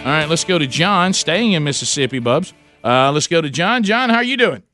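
A man hosting a radio call-in show, calling a prize wheel and chanting and shouting as it spins. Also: on the high side, expressive, a little fast, dry recording, faint music behind.

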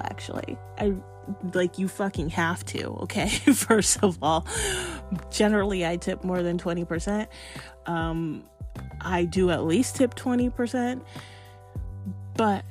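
Woman, heated profane vlog rant, exasperated and emphatic, faint music bed. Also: medium pitch. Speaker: vlogger.

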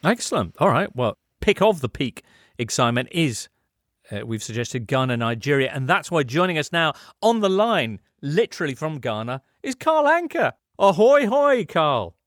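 A man hosting a sports show, brisk and chatty as he runs through results and brings in guests. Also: medium pitch, big pitch swings, a bit bright, dry recording, studio quality. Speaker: host. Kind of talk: sports radio presenting.

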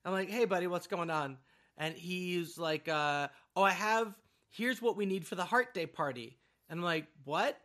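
A middle-aged man in casual chat, telling animated stories about his kids. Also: sits high, normal speed. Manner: animated storyteller acting out his kid.

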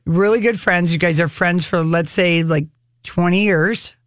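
A woman's voice: on the low side, measured pace, no room sound. Brief: woman radio co-host, chatty and easy laughing, dry close studio sound. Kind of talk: casual banter.

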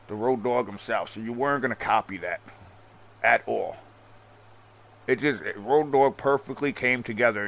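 A man's voice: mid-range voice, fairly bright tone. Profane, sarcastic man ranting. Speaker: wrestling commentator. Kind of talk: casual rant.

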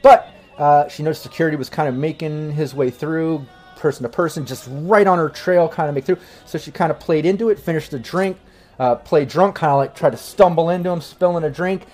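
A man's voice: a little high, fairly quick, darkish tone, faint music behind. A man narrating as game master of a streamed tabletop role-play, talking loosely with many fillers and restarts.

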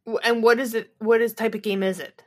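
A woman's voice: a little high, steady tone, fairly quick. A woman co-hosting a casual podcast, dropping in short teasing questions and quips. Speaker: podcast co-host.

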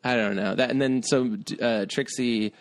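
A man's voice: medium pitch, steady tone, moderate pace. A man co-hosting a podcast, chatting casually, rambling and laughing often in a playful way. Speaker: podcast co-host. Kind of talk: casual comedic chat.

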